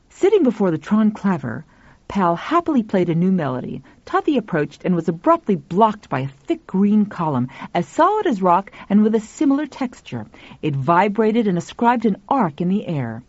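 Woman narrator, lively audiobook reading; dull, dry lo-fi recording. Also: medium pitch, normal speed, dry recording.

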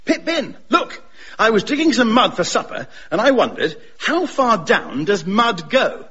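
Chirpy dim posh chap, high and lively, dull radio sound. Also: male voice, unhurried, husky, exaggerated voice. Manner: chirpy, enthusiastic. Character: cheerful, dim-witted posh friend.

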